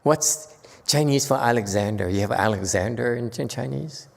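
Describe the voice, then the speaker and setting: A man's voice: medium pitch, moderate pace, gravelly. A man teaching as a Buddhist master in a Dharma lecture, teasing and blunt with his listeners and laughing often. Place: temple lecture hall. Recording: long hall reverb.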